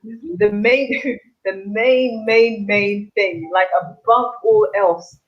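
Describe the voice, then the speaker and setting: A woman's voice: mid-range voice, extremely slow, highs cut off. A woman from the UK, a guest in a casual chat, reflective and earnest, who repeats words as she thinks.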